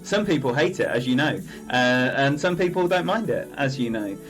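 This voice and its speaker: A man's voice: medium pitch, lively intonation, moderate pace, soft background music. A man commentating on his own game play during a live stream, chatty and rambling as he greets viewers by name.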